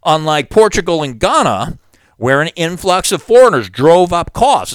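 A man's voice: on the high side, sing-song, brisk, smooth, no room sound, studio quality. Sarcastic male commentary host. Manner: sarcastic asides. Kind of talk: political commentary reading news aloud.

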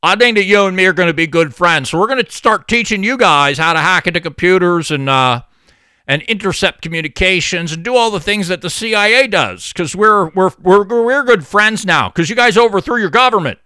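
A man's voice: high-pitched, a little fast, sharp tone, clear, resonant tone, dry recording. A man voicing a smug, chummy male intelligence agent in a sarcastic, buddy-buddy way.

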